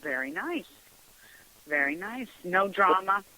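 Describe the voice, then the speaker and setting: Bright-voiced woman hosting talk radio. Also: lowish voice, expressive, takes it slowly, rough recording. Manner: chatty, laughs easily. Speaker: radio talk show host. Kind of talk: casual radio chat.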